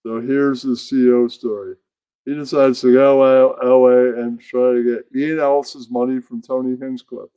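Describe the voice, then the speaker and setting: A man's voice: mid-range voice, level tone, normal speed, mellow, clean tone, dry recording. A man hosting a comedic puppet show, narrating in a rambling, casual way. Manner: rambling, mumbles to himself between bits.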